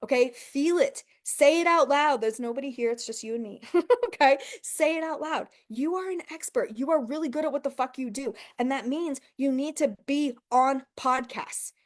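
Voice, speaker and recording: A woman's voice: sits high, moderate pace. Fiery, foul-mouthed woman coaching. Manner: profane, emphatic, talks straight to the viewer; rhetorical questions and frequent "okay" and "right". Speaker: business coach. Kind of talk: motivational coaching talk to an audience.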